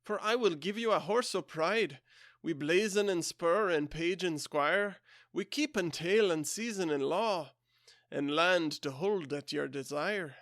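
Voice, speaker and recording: A man voicing a commanding storybook king, reciting rhythmic verse softly in a put-on Scottish accent. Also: a little high, measured pace, no room sound, studio quality. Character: commanding old-style male king, grand.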